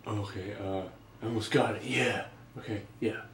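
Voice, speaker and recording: A man's voice: lowish voice, fairly even intonation, moderate pace, vocal fry, fairly bright tone, a little hiss or hum. A young man dubbing a movie scene as a cocky, joking dude who wants to be the hero, talking in a laid-back slacker way. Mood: sneaky. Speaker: amateur fan dubber. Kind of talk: goofy amateur movie dub. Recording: echoey room recording.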